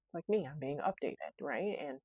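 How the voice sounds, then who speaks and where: A woman's voice: sits low, expressive, normal speed, mellow, slightly rough, no echo, highs cut off. A woman hosting her own podcast, talking through her week in a rambling, reflective way and often correcting herself mid-sentence. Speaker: podcast host. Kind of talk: casual solo podcast monologue.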